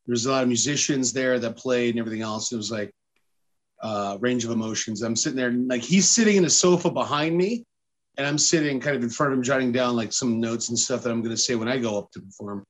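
A man's voice: mid-range voice, fast. Rambling male podcast storyteller. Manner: rambling storyteller, acts out quotes. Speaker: podcast host. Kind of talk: casual chat.

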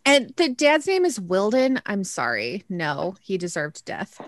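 Giggly, animated female co-host. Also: medium pitch, a little slow, dry recording, studio quality. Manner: giggly, animated, acts out her own reactions. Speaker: podcast co-host. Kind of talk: casual film review chat.

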